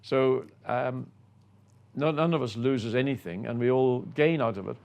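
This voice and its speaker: An older man with a gravelly, fry-tinged voice at an average pitch tells stories of his racing days. He is self-effacing and unhurried, speaking as a guest looking back. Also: dull audio. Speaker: guest, former racing driver. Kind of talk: reminiscing anecdote.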